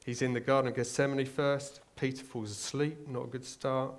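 A man's voice: medium pitch, level tone, moderate pace. English man preaching a conversational sermon. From England. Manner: conversational, searching, with many restarts and rhetorical questions.

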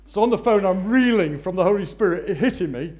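A man preaching a sermon, swinging between loud excitement and hushed intensity. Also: sits high, fairly quick.

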